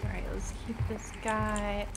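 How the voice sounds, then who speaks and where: A woman live-streaming a game, sleepy from little rest and reacting with strings of quick repeated exclamations. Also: mid-range voice, level tone, creaky, very noisy. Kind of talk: live gameplay commentary. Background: loud game music.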